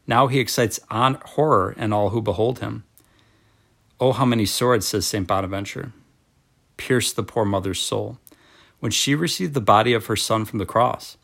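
A man with a fairly low voice reads a devotional text aloud. His delivery is slow and measured, with a solemn tone throughout. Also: gravelly, fairly bright tone. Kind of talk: reading a devotional book aloud.

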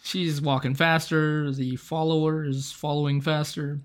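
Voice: medium pitch, level tone, a little slow. A podcast co-host casually recapping a TV episode, laughing often and swearing freely.

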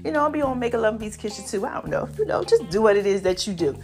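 A woman hosting a casual podcast, animated and drawn out, calling listeners baby and y'all, her voice a bit hoarse from allergies. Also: medium pitch, rapid-fire, faint music behind. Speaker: podcast host.

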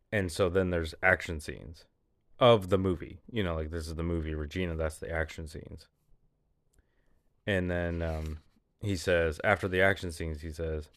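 A man's voice: sits low, steady tone, normal speed, fairly bright tone, no room sound, studio quality. A man talking casually about short films he is writing, rambling and laughing often. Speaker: filmmaker describing his short films. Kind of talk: casual vlog.

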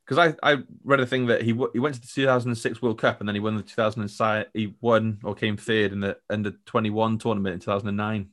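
Man, lowish voice, casual football podcast co-host, jokey, laughs a lot. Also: steady tone, fast talker, few pauses, a bit bright. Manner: jokey, laughs often, acts out quotes.

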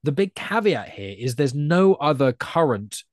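A man's voice: on the high side, big pitch swings, measured pace, dry recording, studio quality. An English man with a chatty, rambling way of talking, a guest on a casual podcast. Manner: chatty, rambling, self-correcting.

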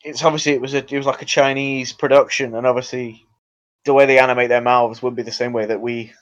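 A young man on a casual podcast, excitedly retelling a film plot in a rambling way. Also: mid-range voice, quick pace, highs cut off. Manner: rambling, excitable storytelling with laughs. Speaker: podcast co-host. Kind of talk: casual chat.

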